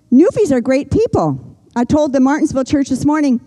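An older woman delivers a sermon in an earnest, gentle way. Her voice sits slightly high but sounds mellow and warm. She slows down and pauses to let key lines land. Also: very animated, poor audio. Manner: earnest, gentle preaching with slow emphatic pauses. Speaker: pastor.

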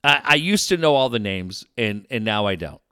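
Animated middle-aged male radio host. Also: fairly low pitch, moderate pace, clear, resonant tone, dry recording, studio quality. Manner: animated storyteller, rambling with restarts. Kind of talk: casual talk radio chat.

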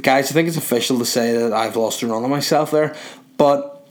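A man's voice: medium pitch, a little fast. A young man from Northern Ireland with a Northern Irish accent, rambling through a crude comic monologue while relaxing in bed. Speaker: vlogger.

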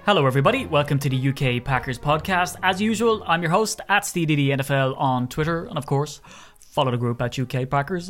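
A man's voice: on the high side, expressive, a little fast, fairly bright tone, soft background music. A young man with an Irish accent hosting a casual sports podcast, joking and swearing freely. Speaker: podcast host. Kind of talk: casual chat.

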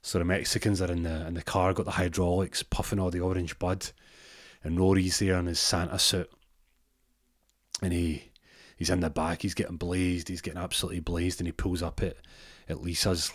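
Deep-voiced man spinning a rambling tale. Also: flat delivery, normal speed, dry recording, clean studio sound. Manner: rambling, stumbling repetitions. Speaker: storyteller. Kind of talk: improvised comic storytelling.

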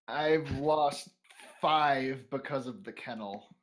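A man's voice: mid-range voice, slow pace, slight background noise. A man who writes stories, answering as a guest in a casual podcast interview, blunt, offhand and profane.

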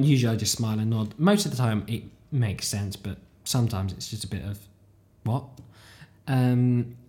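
Speaking in a slightly mellow, medium-pitched voice, a British-accented podcast host from the United Kingdom wanders off topic in a loose, rambling monologue. They tease themselves and swear in passing, and they're a language learner too.

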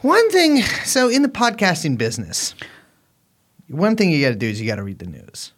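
A man's voice: on the high side, wildly swooping pitch, moderate pace, fairly bright tone, slight background noise. A man co-hosting a podcast in casual, joking banter, swearing freely. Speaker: podcast co-host.

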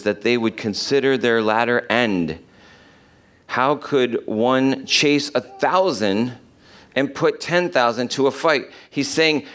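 A man's voice: mid-range voice, fairly bright tone. Emphatic male preacher reading scripture. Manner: emphatic, slows down to stress quoted verses. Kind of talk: sermon, reading and explaining scripture.

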